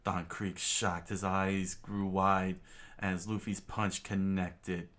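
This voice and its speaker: A man reading a comic aloud in a casual way, halting with restarts and fillers. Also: low-pitched, little pitch movement, a bit bright. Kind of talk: casual comic read-along.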